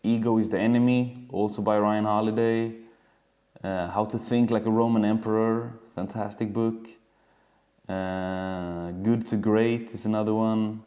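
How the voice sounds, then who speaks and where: A man coaching dancers in a casual webinar, telling stories in an animated way and swearing freely from a home video call. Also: lowish voice, unhurried.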